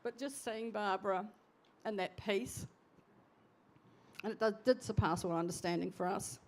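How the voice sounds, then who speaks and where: Halting, heartfelt woman in her sixties. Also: medium pitch, a little mellow. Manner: halting, heartfelt, trailing off mid-sentence. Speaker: eulogy speaker, sister of the deceased. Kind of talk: memorial eulogy. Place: church memorial service.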